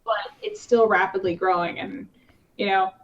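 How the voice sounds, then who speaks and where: A woman's voice: mid-range voice, steady tone, normal speed. Chatty woman, slightly lo-fi. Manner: chatty, many fillers and restarts. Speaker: podcast guest, competitive shooter. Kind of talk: casual conversational interview. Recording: slightly dull lo-fi podcast audio.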